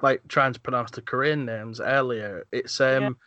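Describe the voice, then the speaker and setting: A man's voice: medium pitch, fairly even intonation, moderate pace, lo-fi sound. A young English man with an English accent, chatting as a podcast co-host in a hesitant way with lots of fillers. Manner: hesitant, full of fillers, gentle. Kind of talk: casual chat.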